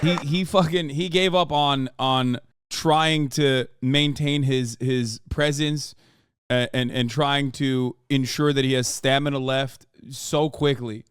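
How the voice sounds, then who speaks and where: A man streaming his reaction to a video, excitable and rambling and swearing a lot. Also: mid-range voice, slow, noisy background. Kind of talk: casual reaction commentary.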